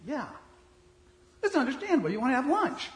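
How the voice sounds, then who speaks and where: A man doing a wife's high, put-on voice. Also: sing-song, fairly quick. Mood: coaxing. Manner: pitched up high in a falsetto-like voice. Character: exasperated wife scolding husband, then sweetly coaxing. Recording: echoey hall reverb.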